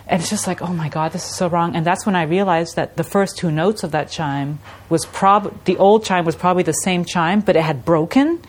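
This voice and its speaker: A woman's voice: lowish voice, fairly quick, few pauses, a little hiss or hum. A middle-aged woman, an artist, chatting casually in an interview and telling stories with laughs and imitations. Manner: animated storytelling with laughs and imitations. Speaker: artist guest.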